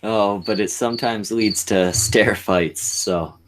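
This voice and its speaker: A man's voice: fairly low pitch, steady tone, takes it slowly, noisy background. A man hosting a casual livestream, reading chat aloud and trading crude jokes with his co-hosts. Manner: crude, joking, laughs often. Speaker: stream host reading chat.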